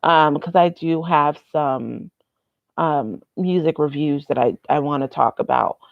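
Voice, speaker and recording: Young woman, casual vlog, rambling, profane, fry in her voice, dry muffled sound. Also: deep voice, a little slow, no echo. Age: young adult. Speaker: vlogger.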